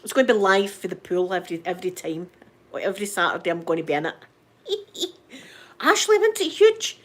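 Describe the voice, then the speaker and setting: A woman's voice: on the low side, fast talker. A middle-aged Scottish woman hosting a live stream, chatting casually and greeting viewers by name. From Scotland. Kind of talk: casual chat.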